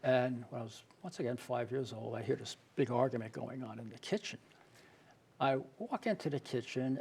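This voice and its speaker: A man's voice: medium pitch, creaky, a little mellow, breathy edge. A man being interviewed, telling his own story candidly and earnestly, often restarting his phrases. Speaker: interview guest, playwright and author.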